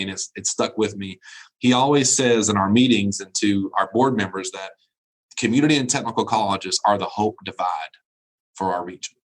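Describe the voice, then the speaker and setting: A man's voice: mid-range voice, a bit bright, low-quality recording. A man who is a college dean, giving a motivational keynote over a video call, telling funny anecdotes and chuckling at his own jokes before turning earnest and encouraging. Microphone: video call mic.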